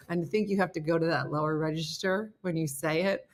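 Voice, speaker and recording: A woman's voice: low voice, animated, fairly quick, a bit bright. A middle-aged woman hosting a casual live stream, reading viewer comments aloud with playful, laughing asides.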